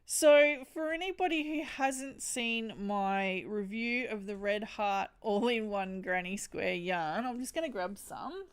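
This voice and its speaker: Giggly woman, slow chatty delivery. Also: medium pitch, clear, resonant tone. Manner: chatty and giggly, exclaims often. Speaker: crochet channel host. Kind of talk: casual livestream chat, unboxing. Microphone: home streaming setup.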